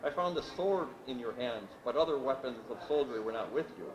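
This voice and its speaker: A man voicing a serious, inquisitive young peasant in a read-aloud story, measured and plain-spoken. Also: mid-range voice, expressive, lightly acted. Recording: echoey room with background noise.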